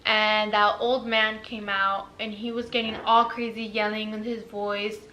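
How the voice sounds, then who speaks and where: A woman's voice: mid-range voice, a little slow, slight background noise. A young woman casually retelling a story, full of fillers and quoted dialogue. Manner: filler-heavy, animated retelling.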